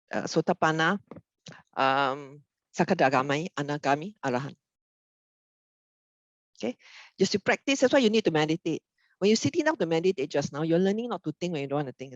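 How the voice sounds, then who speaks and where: Giving an informal Buddhist dharma talk, a medium-pitched woman acts out little quoted exchanges and keeps asking "isn't it?" in an animated way. The recording is muffled, without echo.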